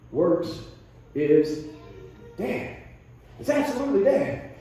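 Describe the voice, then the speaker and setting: Male pastor, high voice, folksy and emphatic sermon delivery, recorded off mic in a very reverberant church. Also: darkish tone, recorded from a distance, a little hiss or hum. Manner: folksy storytelling preacher, drawn-out emphatic points. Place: church sanctuary.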